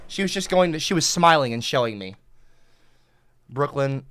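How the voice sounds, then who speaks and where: A man livestreaming into a headset mic, reading chat aloud and cursing and yelling back at viewers. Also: mid-range voice, moderate pace, dry recording. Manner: profane, combative, shouting back at chat.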